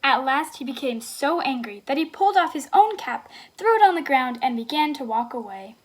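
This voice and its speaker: A woman reading a picture book aloud, slow and expressive with emphatic repetition. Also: high-pitched. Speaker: storybook reader.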